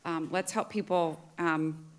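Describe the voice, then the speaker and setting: A woman's voice: on the low side, steady tone, unhurried, noisy background. A woman program officer gives recap remarks on an auditorium stage. She speaks hesitantly with frequent ums and moves through her points like a list.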